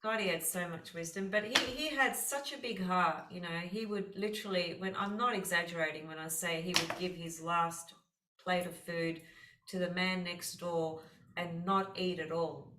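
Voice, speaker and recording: A woman's voice: fairly low pitch, normal speed, echoey room, distant mic, background noise. A woman astrologer hosting a casual conversation, telling heartfelt stories with lots of fillers. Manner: earnest, heartfelt storytelling with many fillers. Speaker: astrologer host.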